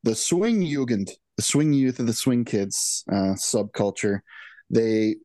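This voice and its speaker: A man's voice: medium pitch, expressive, slow, mellow, no room sound. A man co-hosting a film podcast, chatting casually in a rambling, wry way with lots of restarts. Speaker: podcast co-host. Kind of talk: casual chat.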